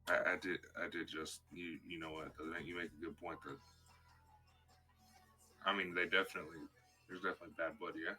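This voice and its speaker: A man's voice: deep voice, little pitch movement, fairly quick, long pauses, bright, forceful tone, soft background music. A man playing his character at a tabletop game, polite and diplomatic with stammered restarts. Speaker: player.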